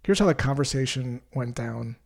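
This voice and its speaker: A man, a sales trainer, telling a story as a scripted lesson in a measured, explanatory way. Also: medium pitch, animated, gravelly.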